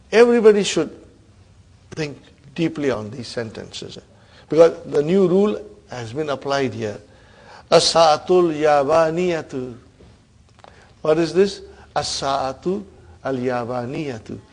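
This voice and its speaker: A man leads an Arabic grammar class in a slightly high, gravelly voice. He drills the terms over and over and keeps checking with a quick "huh?". He encourages students who get answers wrong. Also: animated, a little mellow. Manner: quizzing students, repeating terms, frequent "huh?". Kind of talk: classroom lesson.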